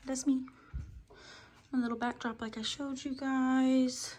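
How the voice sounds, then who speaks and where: A woman's voice: fairly high pitch, moderate pace, darkish tone, a little hiss or hum. A young woman chatting casually through a room tour at home, interrupting herself and swearing offhand as she goes. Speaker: beauty vlogger. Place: home room being toured.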